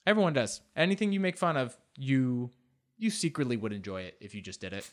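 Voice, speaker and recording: A man's voice: mid-range voice, animated, fairly quick. A young man hosting a casual solo chat, rambling and self-mocking, with loose slang and lots of fillers.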